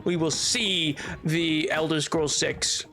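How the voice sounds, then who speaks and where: A man's voice: fairly high pitch, steady tone, takes it slowly, sharp tone. A man streaming a game and chatting casually with his viewers, rambling and often restarting his sentences. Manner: rambling, frequent restarts and stammers. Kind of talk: casual chat with stream chat while gaming. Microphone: headphones on while streaming.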